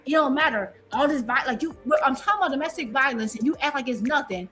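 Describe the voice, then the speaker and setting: A woman's voice: high voice, lively intonation, fast talker, a bit bright, soft background music. A woman on a live-stream panel, arguing in a confrontational, defiant way and repeating her points.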